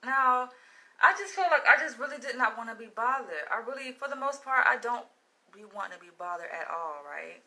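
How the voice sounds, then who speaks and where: A woman from Florida tells a story straight to her followers, blunt, profane and animated. Her voice sits a little high and comes across bright and forceful. It is casual vlog talk throughout. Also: brisk, rough recording. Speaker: vlogger.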